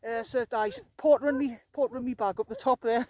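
A woman, talking to camera in a chatty, jokey and excitable way while out on open hills. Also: a little high, fairly quick, hardly any pauses, rough recording. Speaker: vlogger, wild camper. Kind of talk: casual outdoor vlog narration.

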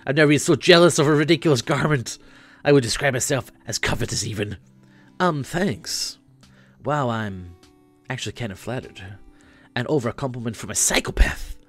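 A man reading a deadpan, sarcastic student. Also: mid-range voice, normal speed, faint music behind, natural voice.

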